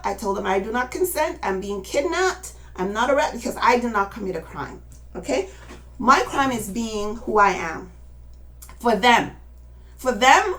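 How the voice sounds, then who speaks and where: Older woman, rambling casual monologue, insistent, addresses listeners directly. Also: mid-range voice. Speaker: speaker addressing followers.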